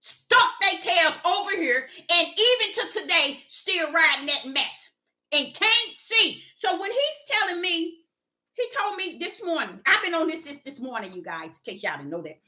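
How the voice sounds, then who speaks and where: Fervent high-voiced woman preaching. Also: very animated, normal speed. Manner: fervent, rhythmic and repetitive, swings between loud and soft. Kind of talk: impassioned preaching monologue.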